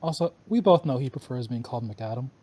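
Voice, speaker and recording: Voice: medium pitch, lively intonation, quick pace, dark tone, husky. A tabletop game player speaking in a stiff, formal, robot-like way. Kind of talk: casual tabletop play.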